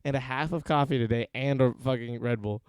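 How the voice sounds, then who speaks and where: A man's voice: medium pitch, a little fast, clear, resonant tone, no room sound. A young man hosting a podcast from his gaming room, talking loosely, swearing freely and laughing a lot. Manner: loud, crude and jokey, laughs often. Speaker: podcast host. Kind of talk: casual chat, swearing and joking. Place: home gaming room with several monitors.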